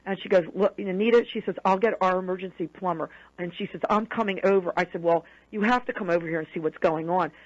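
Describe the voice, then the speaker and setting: A woman's voice: fairly low pitch, fast, few pauses. Woman telling a story on lo-fi radio. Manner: animated retelling that acts out quoted dialogue. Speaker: radio show guest. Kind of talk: personal storytelling on a call-in radio show. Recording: dull lo-fi radio broadcast audio.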